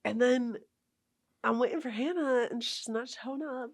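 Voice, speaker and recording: A young adult woman telling a hiking story in a casual interview, animated and acting out what people said. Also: a little high, moderate pace, dry recording. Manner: animated, retells arguments with lively quoted voices. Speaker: guest, long-distance hiker.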